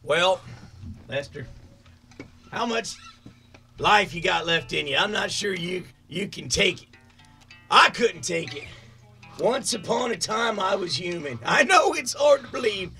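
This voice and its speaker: A high, gravelly rowdy redneck drunk. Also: male voice, expressive, measured pace, pauses often, soft background music, heavily acted. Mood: low and ominous. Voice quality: gravelly shouting rasp. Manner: rowdy, boastful, vulgar rants. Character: crude drunken loudmouth male redneck advice-giver. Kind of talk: comedic call-in show character.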